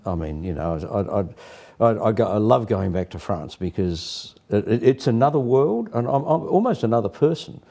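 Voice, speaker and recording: A man's voice: on the low side, expressive, moderate pace, creaky, few pauses, dark tone. A man from Australia, a guest in a casual studio interview, who hesitates and repeats his words.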